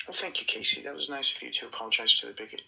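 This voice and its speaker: A man's voice: mid-range voice, racing, creaky, a little hiss or hum, low-quality recording. A man moderating a live audio chat room, exasperated and swearing as he argues with a participant. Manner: exasperated, swearing, shouting at times.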